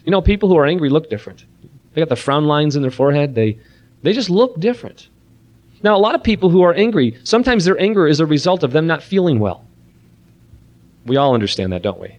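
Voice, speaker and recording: Man giving an earnest, animated sermon. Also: fairly high pitch, fast talker. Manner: earnest, animated preaching with a soft-voiced prayer. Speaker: seminar speaker. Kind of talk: Christian parenting seminar talk with prayer. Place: room with an audience.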